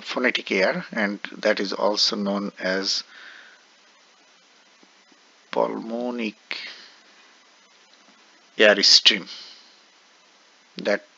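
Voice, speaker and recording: A man's voice: lowish voice, steady tone, drawn-out words, gravelly, pauses often, sharp tone, slightly rough, muffled recording. A man lecturing on speech production, explaining step by step with frequent "right?" checks.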